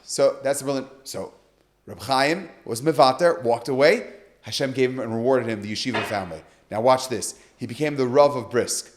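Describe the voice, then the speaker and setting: A man's voice: mid-range voice, moderate pace, slight background noise. A man on a podcast, telling a story with animation and acting out the quoted dialogue. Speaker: guest speaker.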